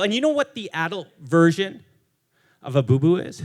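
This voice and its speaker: A man's voice: sits high, very animated, a little fast. Profane, emphatic man speaking on stage. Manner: emphatic, profane, asks the crowd rhetorical questions. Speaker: speaker at a live storytelling event. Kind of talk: motivational talk on stage.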